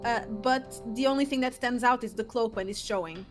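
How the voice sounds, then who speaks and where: A woman's voice: on the high side, fairly quick, music in the background. A woman playing her character in a tabletop game, speaking casually and a little hesitantly. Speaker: player. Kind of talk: in-character tabletop role-play.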